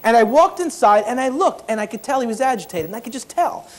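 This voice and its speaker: A man's voice: very high-pitched, lively intonation, fast talker. A man giving a humorous keynote talk as a motivational speaker, acting out the people in his story.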